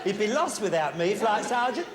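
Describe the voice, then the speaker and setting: A male game show host jokes in a high voice that swoops widely. His chatty, self-mocking quips fill an echoey studio, with a loud audience and heavy noise behind him. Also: very animated, moderate pace, a loud crowd. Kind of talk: joking studio banter. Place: television studio with a live audience.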